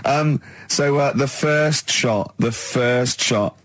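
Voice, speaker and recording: A man's voice: mid-range voice, slow pace, a bit bright, no room sound. A man hosting a casual comic chat, teasing and giggly. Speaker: radio host.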